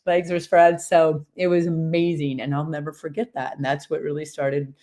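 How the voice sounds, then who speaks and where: A woman in her fifties casually telling a personal story, rambling and animated, with lots of fillers and laughter. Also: low-pitched, moderate pace. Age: 50s. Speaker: horse-based coach and community host.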